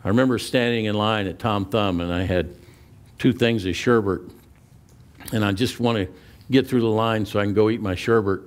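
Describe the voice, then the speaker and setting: A man preaching a sermon as pastor, telling personal stories with many restarts and repeated words, and slowing down for emphasis. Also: lowish voice.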